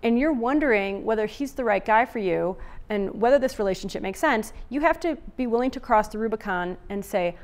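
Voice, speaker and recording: A woman's voice: fairly high pitch, animated, fairly quick. A middle-aged woman giving a casual, conversational talk on relationships as an author and speaker, with many fillers and restarts.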